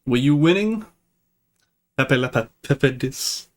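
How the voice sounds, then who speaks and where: A man's voice: mid-range voice, lively intonation, slow pace. A young man hosting a live stream, chatting casually with viewers, laughing often and restarting his sentences. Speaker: livestream host.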